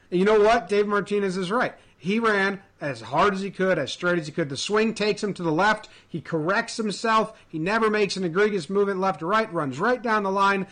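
High-voiced guy doing a sweary comedy voice-over, super hyped up. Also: a little fast. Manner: excitable, profane, shouting and mock-quoting.

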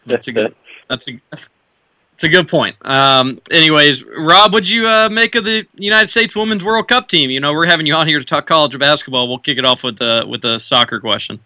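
A man's voice: on the high side, fairly quick, pushed and bright, dry recording. A young man hosting a sports radio show, chatting casually with fillers and restarts. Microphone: studio mic.

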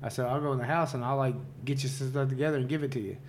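A man's voice: medium pitch, steady tone, rapid-fire, a little hiss or hum. Laid-back, profane man telling stories. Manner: loose, profane, laughs often, heavy use of like and dude. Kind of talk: casual storytelling chat.

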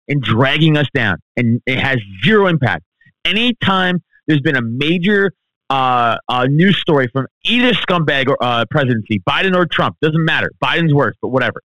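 A man's voice: mid-range voice, a bit bright, no room sound, muffled recording. A male comedian as a podcast guest, ranting heatedly and swearing a lot. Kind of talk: podcast interview.

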